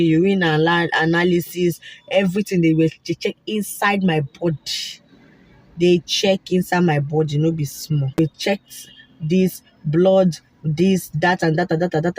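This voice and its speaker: Nigerian woman vlogger, slightly husky and dry-sounding, animated storyteller who repeats herself and drops into Pidgin. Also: on the low side, no echo. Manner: animated and repetitive, slipping into Pidgin asides. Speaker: vlogger sharing a fertility story. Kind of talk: casual personal storytelling.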